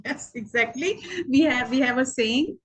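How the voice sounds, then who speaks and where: Husky, fairly high-voiced woman, rambling. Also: normal speed, fairly bright tone, poor audio. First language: Urdu. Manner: rambling, many "okay" fillers, earnest. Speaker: meeting participant. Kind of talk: casual video meeting chat.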